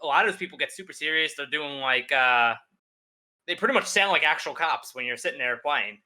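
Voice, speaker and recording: A man's voice: fairly high pitch, animated, brisk, sharp tone. A young man, a guest on a gaming podcast, telling stories in a laid-back way, full of fillers and easy laughs. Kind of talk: casual chat.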